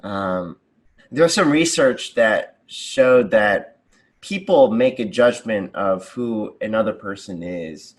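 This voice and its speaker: An American man being interviewed about conversation design. He talks enthusiastically and slips into lively voices for his examples. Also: lowish voice, slow pace. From United States. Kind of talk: casual interview chat.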